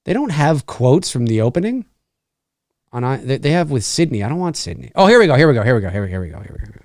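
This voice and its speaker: A man hosting a casual live stream, reading viewer questions in a rambling, halting way. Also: mid-range voice, very animated, a little mellow. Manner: rambling, halting, with many restarts and fillers.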